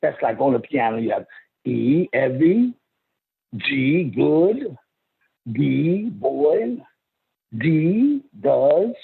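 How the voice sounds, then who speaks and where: A man musing and half-singing in a slow, rambling spoken monologue about love and meaning, with sudden leaps into a high voice. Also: animated, gravelly, husky. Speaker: self-styled spiritual teacher. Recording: phone-quality lo-fi audio.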